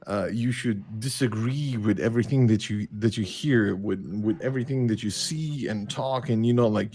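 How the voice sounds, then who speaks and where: A man calling into a show, speaking as an in a halting way with many restarts. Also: medium pitch, mellow. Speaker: caller.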